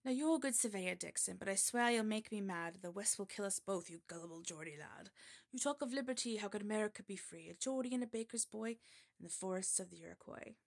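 A woman's voice: mid-range voice, lively intonation, fast, vocal fry. A woman trying a West Country accent to voice a young male baker's boy turned stargazer, reciting rhymes playfully. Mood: chiding. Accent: West Country, attempted.

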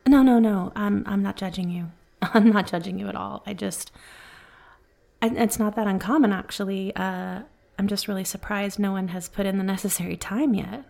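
A woman voicing a flirty, caring female bartender in a whispered role-play, speaking softly, slowly and soothingly, with a teasing edge. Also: mid-range voice, fairly even intonation, vocal fry, close to an everyday voice. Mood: tender. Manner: soft, slow, soothing, teasing.

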